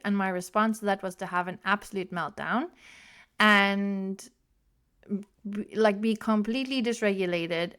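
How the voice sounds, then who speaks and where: A young woman from South Africa tells her own story on her podcast, frank and self-deprecating, with casual swearing throughout. Her voice is smooth and clear, pitched in an ordinary middle range. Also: fairly bright tone. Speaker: podcast host. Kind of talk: candid solo podcast storytelling.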